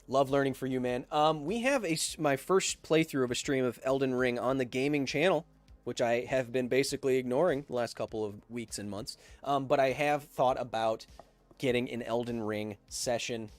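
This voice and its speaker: Reading live chat aloud in a joking way, a podcast host in his thirties chats loosely on a casual livestream. He speaks at medium pitch and a moderate pace, with no echo and faint music in the background.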